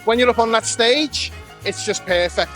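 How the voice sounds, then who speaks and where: With an extremely high pitch and a sharp tone, a young stand-up from Perth, Australia, talks at a moderate pace over faint background music. His set and backstage chat are crude and rambling, punctuated by laughter at his own jokes.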